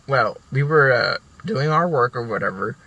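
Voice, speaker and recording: A young man with a bright, forward voice telling school stories in a loose, rambling way. He restarts sentences often and swears casually as he goes. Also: mid-range voice, expressive, moderate pace, low-quality recording. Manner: rambling, profane, many restarts. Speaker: vlogger. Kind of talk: casual storytelling.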